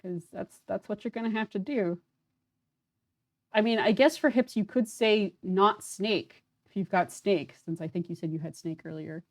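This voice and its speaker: This young woman streams her gameplay, chatting loosely, making fun of herself, and filling gaps with filler words. She speaks at a moderate pace in a medium-pitched voice.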